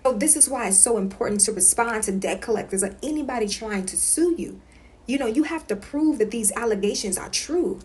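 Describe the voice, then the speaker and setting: A woman's voice: on the high side, expressive, brisk, darkish tone. Woman lecturing her viewers from home, keeps saying okay?, drives each point home over and over. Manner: emphatic and repetitive, keeps checking in with "okay?". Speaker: consumer-rights vlogger. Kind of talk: casual instructional monologue.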